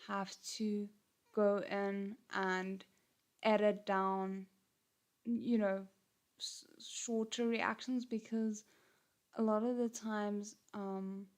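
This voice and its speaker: A woman from Africa, chatting casually on a livestream, hesitant with many ums, her voice a little gruff. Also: medium pitch. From South Africa. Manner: hesitant, many ums and restarts, thanks viewers. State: slightly gruff voice. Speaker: channel host on a livestream. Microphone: headphones and desk mic.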